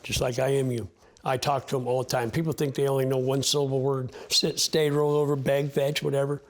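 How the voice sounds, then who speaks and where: Gravelly, earnest man telling his story. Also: medium pitch, level tone, a little fast. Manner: earnest and heartfelt, with loose restarts. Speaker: interview guest, sled dog musher. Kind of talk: candid interview talk.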